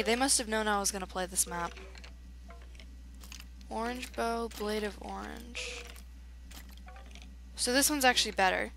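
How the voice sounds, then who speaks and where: A woman's voice: on the high side, takes it slowly, gravelly, pauses often, a bit bright. A woman chatting through a let's play, reacting aloud to the game as she goes. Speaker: gamer.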